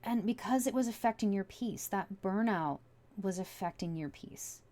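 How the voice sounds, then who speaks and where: A woman's voice: medium pitch, normal speed, dark tone. A woman giving a casual tarot reading from home, musing aloud as she turns over each card. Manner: chatty, musing aloud with many likes and you-knows. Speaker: tarot reader.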